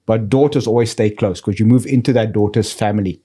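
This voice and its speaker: A man's voice: fairly low pitch, a little fast, mellow, slightly rough. A man co-hosting a business podcast, telling family anecdotes in a casual chat and laughing through them. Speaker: podcast co-host.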